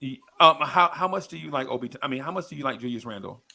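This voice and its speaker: A man co-hosting a fan podcast, making his case with lots of restarts and animated pushing. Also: mid-range voice, quick pace, vocal fry. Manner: animated, stammering restarts, argues his point. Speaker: podcast co-host. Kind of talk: casual sports chat.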